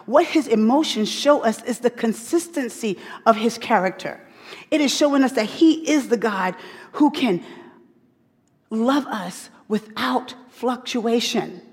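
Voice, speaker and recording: A woman teaching a sermon to a women's audience. She repeats her key phrases and swings from loud emphasis to hushed asides. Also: fairly high pitch, lively intonation, measured pace, husky. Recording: long hall reverb.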